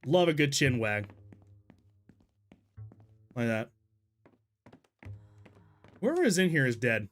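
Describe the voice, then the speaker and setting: A man's voice: mid-range voice, sing-song, takes it slowly, long pauses, faint music behind. A young man from Texas streaming a game, chatting casually with his chat, laughing often and exclaiming in disbelief. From Texas, USA. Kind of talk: casual live-stream commentary while gaming and reading chat.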